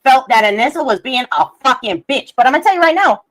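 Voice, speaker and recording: High-voiced woman ranting profanely. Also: animated, fast, fairly bright tone. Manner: profane, combative, mocking; reads messages aloud, laughs between jabs. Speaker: live streamer. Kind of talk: ranting live stream commentary.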